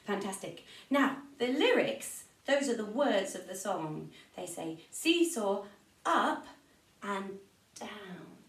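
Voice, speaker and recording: A woman teaching a music lesson to young children from her room at home, gentle and encouraging. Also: expressive, slow pace. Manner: gentle, encouraging, jumps high in pitch for sung parts. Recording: roomy, distant mic in home room.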